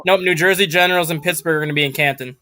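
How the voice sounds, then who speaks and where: A man's voice: fairly high pitch, steady tone, racing, bright, forceful tone. A man co-hosting a sports talk show, giving news in a matter-of-fact way.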